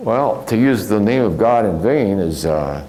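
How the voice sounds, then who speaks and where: A man's voice: fairly low pitch, animated, unhurried, mellow, a little hiss or hum, poor audio. An older man from the American Midwest giving a rambling, reflective spiritual lecture and often chuckling as he tells stories. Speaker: spiritual teacher.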